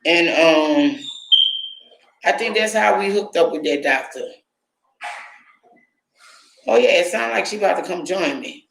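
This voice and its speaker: A woman's voice: on the low side, expressive, a little slow, gravelly, pauses often. Profane, indignant woman vlogger in an echoey room. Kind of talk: casual monologue.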